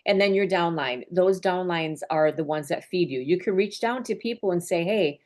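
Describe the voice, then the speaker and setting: Earnest, low-voiced woman team leader. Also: normal speed, darkish tone. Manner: earnest and openly emotional, conversational. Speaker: business mentor and team leader. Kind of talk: heartfelt talk on a group call.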